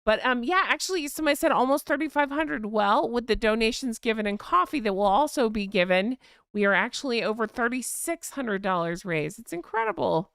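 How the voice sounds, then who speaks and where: A woman hosting a casual live chat from home, talking quickly and excitably. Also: a little high, vocal fry, clean tone, no room sound, clean studio sound. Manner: rapid, excitable chatter. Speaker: livestream host.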